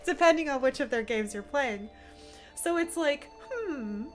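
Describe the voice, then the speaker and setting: A woman's voice: high-pitched, expressive, unhurried. A young woman from Appalachia chatting while streaming a game, rambling with lots of fillers. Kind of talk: casual gameplay commentary. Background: faint game music.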